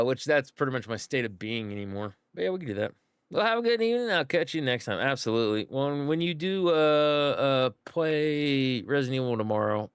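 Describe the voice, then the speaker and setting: A man's voice: mid-range voice, fairly bright tone, clean tone, dry recording, clean studio sound. A middle-aged man chatting casually on a livestream, rambling, with lots of fillers and acted-out quotes. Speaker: streamer. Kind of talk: casual livestream chat to viewers.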